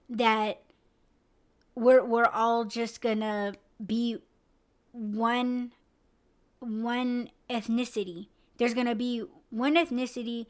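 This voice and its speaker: Woman, podcast host, casual chat, rambling, swears a lot, slightly high voice. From United States. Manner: rambling, profane, lots of "like" fillers.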